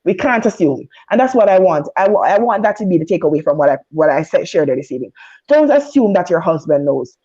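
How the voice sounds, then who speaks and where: A woman's voice: lowish voice, sing-song, a little fast, warm tone, husky, dull audio. A married woman on a video call, giving earnest, candid advice and repeating points for emphasis. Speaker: married guest on a panel. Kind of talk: heartfelt advice talk.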